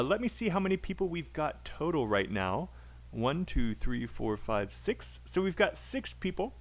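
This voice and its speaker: A man teaching a live online English speaking class, patiently coaching a student's pronunciation. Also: medium pitch.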